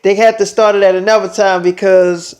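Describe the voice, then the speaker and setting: A man's voice: sits high, flat delivery, a little fast, darkish tone. A young man telling a rambling, profane story in casual slang, full of fillers.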